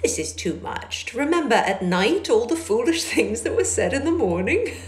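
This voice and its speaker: A cheerful, easygoing young gentleman, hearty and quick to laugh, played by a woman reading aloud. Her voice lifts brightly into this part, and the small car around her makes it sound echoey. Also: on the high side, very animated, pitched above the performer's own voice. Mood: jovial.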